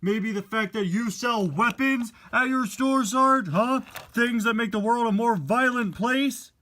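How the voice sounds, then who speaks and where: A man's voice: measured pace, bright, forceful tone, heavily acted. A man voicing a preachy, peace-loving male hippie van in a toy-car play story, lecturing in a raised voice. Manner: high, preachy, sing-song lecturing.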